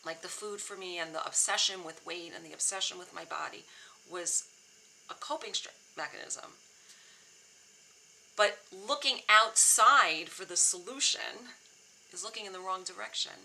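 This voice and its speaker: A middle-aged woman therapist speaks earnestly, restarting her thoughts as she tells a personal story. Her voice is lowish yet very bright, and a faint hiss sits behind her. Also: moderate pace, creaky, low-quality recording. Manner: earnest, candid, with many restarts. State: emotional, near tears. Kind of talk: personal reflective talk.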